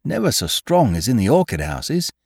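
In a heavily acted performance, a man pushes his mid-range voice up to play a nervous, deferential working-man gardener who earnestly and uneasily tells his tale to his employer, respectfully addressing others as sir. Husky, with vocal fry and huge pitch swings at a moderate pace, it's recorded at studio quality with no echo.

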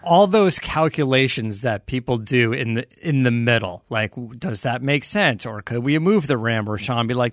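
A man's voice: medium pitch, expressive, normal speed, hardly any pauses, dry recording, studio quality. A man co-hosting a podcast in casual chat, musing with amusement on how others think. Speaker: podcast co-host.

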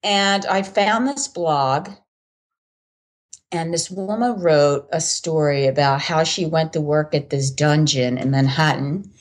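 A woman in her fifties, a guest on a podcast, tells her story candidly and casually, laughing often and acting out what people said. Her voice is low-pitched and slow. The audio quality is poor.

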